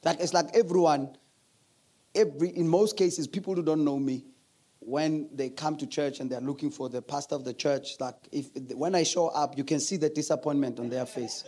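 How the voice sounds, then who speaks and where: A man preaches a sermon in a church. His voice sits high for a man, and he tells his stories with plenty of laughter, often slipping into other people's voices. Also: fairly even intonation, moderate pace, dark tone. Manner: storytelling, laughing, acting out voices. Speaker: pastor.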